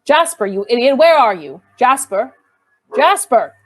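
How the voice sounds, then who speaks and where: A woman reading the lines of a curt, irritable English gentleman who gives sharp, brusque orders. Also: mid-range voice, expressive, fairly quick, no room sound, close to an everyday voice.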